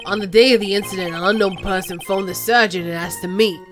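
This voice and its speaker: A woman's voice: medium pitch, fairly even intonation, quick pace, over music, pitched below the performer's own voice, lightly acted. A woman doing a stiff male detective. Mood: formal. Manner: formal, clipped, says sir.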